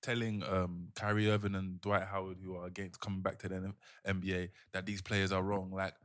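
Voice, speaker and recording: A man's voice: sits low, level tone, a little fast, a bit bright. A man co-hosting a podcast, speaking hesitantly with many fillers in casual group discussion. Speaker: podcast co-host.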